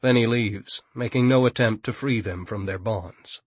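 Husky male audiobook narrator. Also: fairly low pitch, moderate pace, dry recording. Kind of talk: scripted narration.

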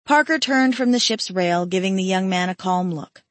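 A woman narrating a historical story aloud, shifting her voice up and louder for the quoted lines. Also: medium pitch, normal speed, no echo.

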